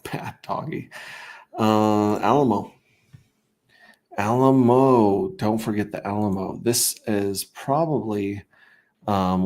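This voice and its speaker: A man's voice: lowish voice, darkish tone. A man hosting a casual crypto livestream, talking through charts in a rambling, self-interrupting way with wry asides.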